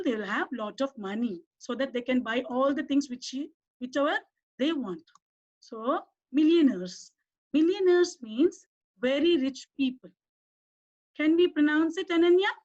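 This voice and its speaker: A woman teacher with an Indian English accent giving a lesson to young children, coaxing them with questions and asking them to repeat words. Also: sits high. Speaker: primary school English teacher. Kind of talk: online class lesson for children. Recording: dull lo-fi recording.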